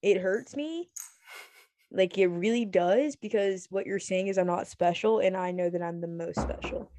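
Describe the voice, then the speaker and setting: A woman's voice: medium pitch, moderate pace, dark tone. Giggly woman cohosting a podcast. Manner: playful, giggly, self-mocking. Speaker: podcast co-host. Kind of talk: casual chat.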